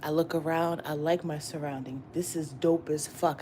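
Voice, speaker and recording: Slangy, profane woman with a low voice. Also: steady tone, normal speed, few pauses, warm tone, a little hiss or hum. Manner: slangy, profane and talks straight to her viewers; repetitive and emphatic, often asking "you get what I'm saying?". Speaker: tarot reader and vlogger. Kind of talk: casual morning pep talk.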